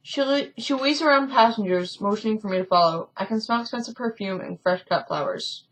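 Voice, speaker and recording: A woman's voice: medium pitch, a little fast, rough recording. A woman reading a story game aloud in a casual let's-play, often stumbling and correcting herself, with chatty asides.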